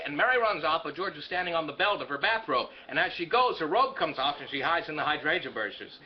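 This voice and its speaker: A man casually retelling a film for laughs, with quick asides. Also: fairly high pitch, animated, dull audio. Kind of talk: comic live film retelling.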